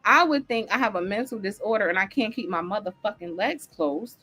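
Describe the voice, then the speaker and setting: A woman's voice: mid-range voice, animated, brisk, sharp tone, husky. A woman hosting a livestream talk show, ranting bluntly and heatedly with heavy swearing and answering the live chat. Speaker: host.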